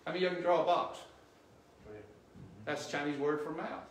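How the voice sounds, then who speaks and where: A man's voice: on the high side, fairly even intonation, fairly quick, a little hiss or hum. Preacher man in an echoey church. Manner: quizzes the congregation with questions; grows loud and emphatic at peaks. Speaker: missionary preacher. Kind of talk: sermon. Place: church sanctuary. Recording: roomy church echo, distant mic.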